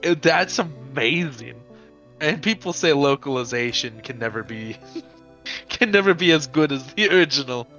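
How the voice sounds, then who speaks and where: A man's voice: mid-range voice, lively intonation, normal speed, bright, forceful tone, highs cut off, soft background music. A man hosting a let's play, bantering and teasing in a jokey, laughing way. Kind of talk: casual banter.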